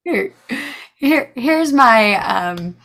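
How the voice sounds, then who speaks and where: A woman from the United States co-hosting a podcast, chatting casually in an animated, exclamatory way with frequent laughs. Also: fairly high pitch, extremely slow, over a noisy crowd. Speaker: podcast co-host. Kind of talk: casual chat.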